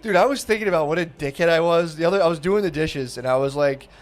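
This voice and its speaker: A man's voice: fairly high pitch, fast talker. A man in his thirties co-hosting a podcast, telling crude stories in a casual chat and often laughing as he acts out what others said. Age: 30s. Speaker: podcast co-host. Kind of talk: casual comedic storytelling.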